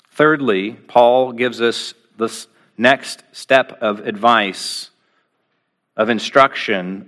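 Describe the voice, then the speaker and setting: A man preaching a sermon to his congregation, asking rhetorical questions and slowing down with deliberate pauses on key phrases. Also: fairly low pitch, fairly bright tone. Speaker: pastor.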